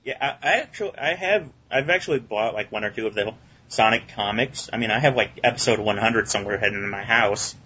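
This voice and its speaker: A man's voice: lowish voice, a little fast, bright, forceful tone, slight background noise. A man hosting a casual interview, eager and giggly as he chats. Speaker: podcast host. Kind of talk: casual chat. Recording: dull lo-fi recording.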